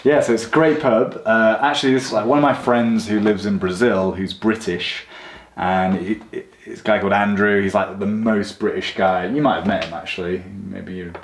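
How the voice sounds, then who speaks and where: A man's voice: on the low side, steady tone, moderate pace, a little hiss or hum. A man hosting a casual conversation, telling stories in a rambling, easygoing way. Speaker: host. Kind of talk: casual chat. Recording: echoey room.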